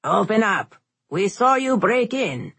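A woman voicing a stern male city guard shouting muffled commands through a door, in a storybook reading. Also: mid-range voice, big pitch swings, takes it slowly, vocal fry, husky, dry recording, pitched above the performer's own voice, full character voice. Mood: commanding.

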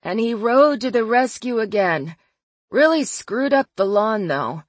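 Woman reading injured young man, wry jokes, strained, slow, dry audiobook sound. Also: a little high, expressive, no room sound. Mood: sing-song. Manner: wry, strained through pain.

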